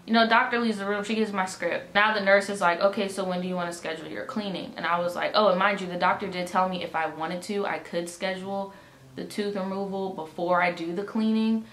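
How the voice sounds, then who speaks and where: A woman's voice: mid-range voice, fairly quick. A young woman telling a vlog storytime, swearing and acting out both sides of a conversation, with a swollen, aching jaw. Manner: exasperated, profane, animated retelling with quoted dialogue. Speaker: vlogger. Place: indoor room, at home. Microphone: camera mic. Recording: echoey room, faint ambient noise.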